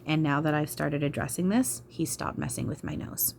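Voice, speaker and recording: Low-voiced woman venting on her vlog, sighs a lot, swears, frustrated. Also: normal speed, gravelly, darkish tone, a little hiss or hum. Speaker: spiritual channeler. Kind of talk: emotional vlog talk.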